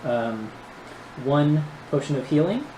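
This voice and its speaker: A man's voice: on the high side, slow. Guy dm-ing a tabletop game, laid back, lots of ums, echoey noisy room. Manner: relaxed, hesitant with many ums. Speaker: dungeon master. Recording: echoey room with background noise.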